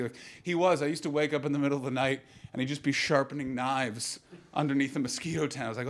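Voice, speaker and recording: A Canadian man in his thirties telling a stand-up comedy story and bantering with the audience, swinging from loud outbursts to low asides. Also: racing. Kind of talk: stand-up comedy with crowd work.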